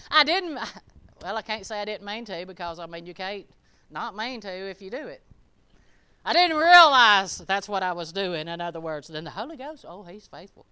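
A woman's voice: mid-range voice, sharp tone, clean tone. A woman preaching a sermon in a folksy, conversational, emphatic way.

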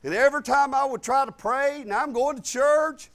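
In a live sermon at a moderate pace, a male pastor swings between loud, high-pitched key points and quiet asides, often repeating his words.

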